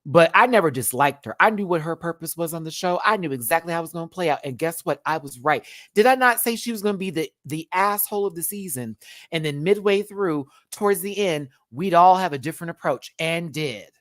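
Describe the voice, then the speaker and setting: A man's voice: a little high, expressive, a little fast, fairly bright tone, no room sound, studio quality. Sassy, laughing drag-show reviewer man. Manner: sassy and campy, heavy slang, laughs often; talks straight to viewers and people in the show. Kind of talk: casual livestream commentary.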